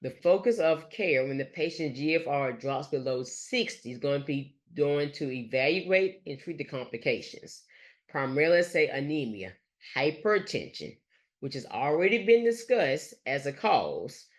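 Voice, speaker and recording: A nurse educator giving a recorded lecture over slides, speaking haltingly and leaning on fillers and restarts. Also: mid-range voice, expressive. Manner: halting, with frequent fillers like "let's say" and "gonna".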